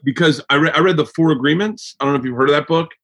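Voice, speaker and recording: A man's voice: a little high, very fast, a bit bright. A man hosting a podcast in casual chat, rambling and swearing, with many restarts. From United States. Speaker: podcast host.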